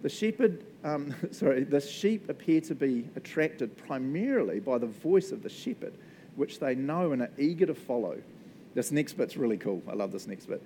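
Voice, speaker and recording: A man gives a casual Bible talk, his voice mellow and warm. He keeps a relaxed, conversational rhythm, often tagging lines with a questioning "right?". A faint rumble hums beneath the recording. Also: moderate pace, rough recording. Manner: chatty and relaxed, frequent "right?" and laughs. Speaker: pastor.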